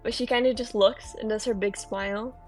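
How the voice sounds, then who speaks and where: A woman's voice: a little high, fairly even intonation, brisk, a little mellow, faint music behind. A woman co-hosting a casual film podcast, talking eagerly with lots of ums. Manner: enthusiastic, chatty, lots of ums. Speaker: podcast co-host.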